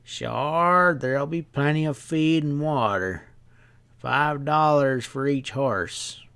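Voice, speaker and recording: A male narrator voicing a sly, placid young stableman who talks in a slow, unhurried drawl. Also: a little high, a bit bright, clear, resonant tone.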